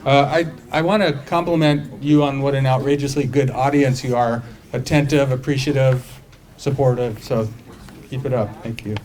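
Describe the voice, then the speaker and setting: A man hosting a live storytelling event, making relaxed, chatty announcements with the odd filler um. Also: mid-range voice, normal speed. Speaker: event host. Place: live event venue with an audience.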